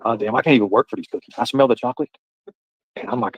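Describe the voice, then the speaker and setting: A man hosting a casual livestream, rambling loudly and cursing as he chats with his viewers. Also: mid-range voice, rapid-fire, breathy edge, no echo, lo-fi sound. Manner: rambling, loud, profane banter with viewers. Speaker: livestream host.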